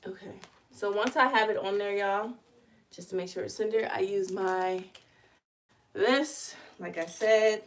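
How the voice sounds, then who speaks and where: A woman with a gravelly, fry-laced voice talks casually from her living room as she streams. She chats straight to her viewers and walks them through each step of her crafting. A faint hiss sits under her voice. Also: mid-range voice. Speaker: host of a live merch-making stream. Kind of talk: casual live chat while crafting.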